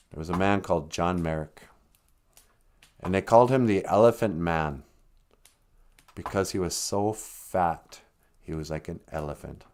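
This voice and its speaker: A man hosting a comedy live stream, telling a rambling, jokey story with lots of pitch swings. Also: vocal fry. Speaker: comedian host.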